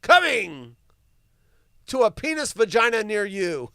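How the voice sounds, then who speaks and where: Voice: medium pitch, sing-song, a little slow, vocal fry, bright, forceful tone, dry recording, clean studio sound. A live stream host doing solo commentary, ranting with profanity, mocking asides and laughter while reading the news aloud.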